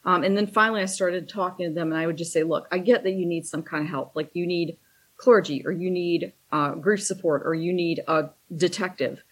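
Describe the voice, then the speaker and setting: A woman's voice: fairly low pitch, fairly even intonation, brisk, slightly rough. A woman who teaches Reiki, casually telling a long story with a wry, chatty manner and acting out the lines of the people in it.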